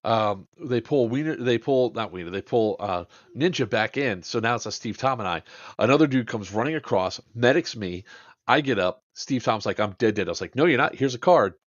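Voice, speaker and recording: A man's voice: fairly low pitch, lively intonation, moderate pace, dry recording, muffled recording. A man hosting a podcast, casually and animatedly recounting an airsoft game, swearing and acting out the quotes with plenty of fillers. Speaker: podcast host.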